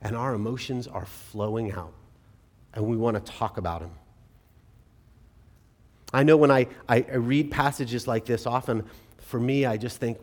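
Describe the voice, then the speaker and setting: A man in his forties preaching a sermon as pastor, earnest and conversational, swinging from animated stretches to hushed, quiet ones. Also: mid-range voice, normal speed, pauses often. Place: church sanctuary. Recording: long reverb of a church hall.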